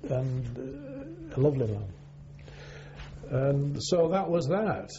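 An older man, a former navy sailor, recalling his service in an oral history interview, rambling and halting with many fillers. The recording is dull and lo-fi with a faint hum. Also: fairly high pitch, big pitch swings, mellow.

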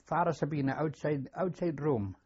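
The highs are cut off in this recording of an older Scottish man, a war veteran being interviewed for an oral history. He talks at normal speed in a voice on the high side, darkish with a breathy edge, recalling memories in plain words and repeating himself.

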